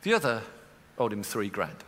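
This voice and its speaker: A man preaching a sermon as pastor, moving from quiet storytelling to impassioned preaching in a church auditorium. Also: lowish voice, sing-song, moderate pace. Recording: long reverb of a large hall.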